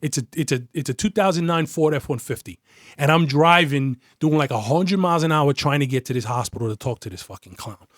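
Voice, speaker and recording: Profane New cop telling a story. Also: male voice, fairly high pitch, brisk, no room sound, clean studio sound. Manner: profane, animated, acts out quoted voices. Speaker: podcast guest, retired detective. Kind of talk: casual storytelling.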